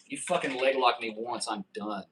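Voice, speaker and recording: A man's voice: medium pitch, a bit bright, a little hiss or hum. A man in his thirties hosting a casual live stream, reading viewer comments aloud and joking loosely with frequent swearing. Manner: loose, joking and profane, with quick asides. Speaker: livestream host.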